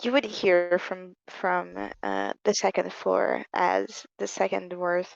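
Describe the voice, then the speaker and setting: A woman narrating as game master of a tabletop game, halting, with many ums and repeated words. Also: fairly low pitch, level tone, vocal fry, no room sound, highs cut off.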